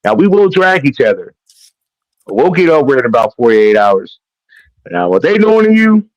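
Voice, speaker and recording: A man's voice: mid-range voice, big pitch swings, moderate pace, no room sound, highs cut off. A man hosting a casual chat, hesitant and full of fillers, with a playful streak.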